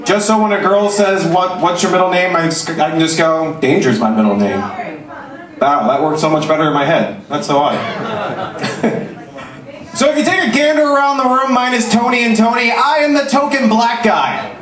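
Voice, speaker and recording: A man in his twenties doing a stand-up comedy set, self-mocking and punchy, dropping into low asides. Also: lively intonation, normal speed, fairly bright tone, distant mic. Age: 20s. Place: comedy club stage. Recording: echoey club recorded from afar.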